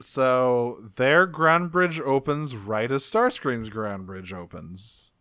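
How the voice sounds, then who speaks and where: A man on a podcast recapping a cartoon episode in a loose, profane, animated way. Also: mid-range voice, slow pace, no echo, studio quality. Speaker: podcast co-host.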